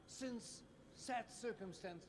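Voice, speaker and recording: A courtly German gentleman. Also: very high voice, slow, noisy background. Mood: formal. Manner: courtly, theatrical, wordy. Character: formal German gentleman, husband, once blind.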